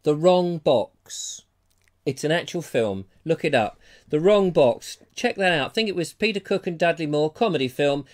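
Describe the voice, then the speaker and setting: An English man hosting a live comedy talk show from home, chatty and jokey, often addressing viewers as ladies and gentlemen. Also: on the high side, lively intonation, brisk. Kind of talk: casual live-stream chat. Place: terraced house.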